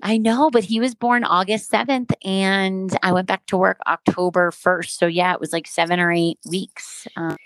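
A woman's voice: mid-range voice, steady tone, moderate pace, hardly any pauses, dry recording. A woman co-hosting a podcast, telling her own story in a candid, reflective way. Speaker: podcast co-host. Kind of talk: casual podcast chat.

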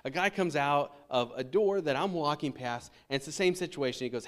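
A man's voice: on the high side, fairly quick, few pauses, a bit bright. A man in his thirties, a pastor, preaching a sermon in a casual, conversational way with frequent restarts and fillers. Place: church sanctuary.

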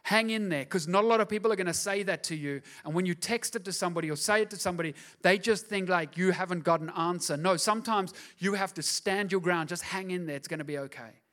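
Male pastor, high voice, emphatic sermon delivery with repeated questions. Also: fast talker, few pauses, fairly bright tone.

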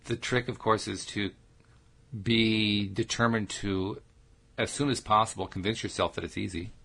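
A man's voice: fairly low pitch, steady tone, normal speed, vocal fry, sharp tone, husky. A man co-hosting a casual talk show, asking probing coaching questions and often restarting his sentences. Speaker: podcast co-host.

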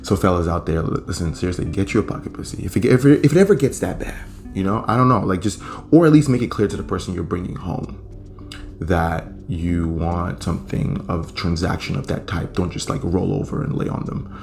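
A man's voice: sits low, a little fast, gravelly, a little mellow, soft background music. A young man hosting a podcast, telling a story in a laid-back, profane, rambling way. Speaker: podcast host. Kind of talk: casual storytelling.

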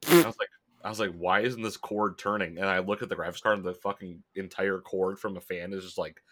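A man's voice: sits low, fairly even intonation, quick pace, noisy background. A man co-hosting a casual chat, telling rambling, profane stories.

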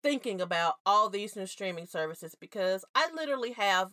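Woman co-host just chatting, bright voice, big swoopy delivery, quotes her family, laughs a lot. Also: mid-range voice, brisk, dry recording, studio quality. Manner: animated storytelling, acts out family quotes, laughs often; casual, slangy and blunt. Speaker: podcast co-host. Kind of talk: casual chat.

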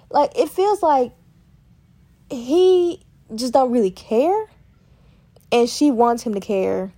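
A woman hosting a casual solo podcast, talking in a chatty, lively way and addressing listeners as y'all. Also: a little high. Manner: chatty, lively, uses y'all and Southern phrasing. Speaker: podcast host.

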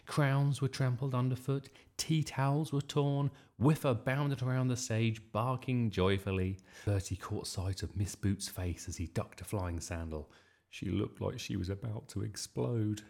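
Slow, gravelly man reading a storybook. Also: mid-range voice. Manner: lively, expressive. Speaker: storybook reader. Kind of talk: children's story read aloud.

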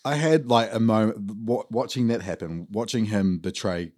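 A deep-voiced man co-hosts a podcast and talks in a halting, thoughtful way. He often restarts his sentences as he works through an idea. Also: a little mellow. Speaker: podcast co-host. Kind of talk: casual chat.

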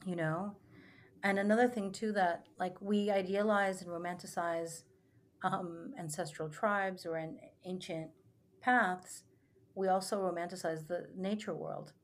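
Her pitch fairly low and her tone steady, a young woman who leads spiritual retreats takes her time telling stories on a casual podcast. The delivery is sincere, wandering, and full of filler words.

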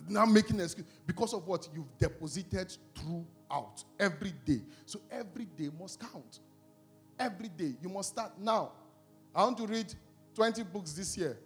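Guy preaching, fairly high voice, lively storytelling, asks the crowd stuff, faint music behind. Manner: animated storytelling, asks the congregation questions. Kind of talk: sermon with a personal story.

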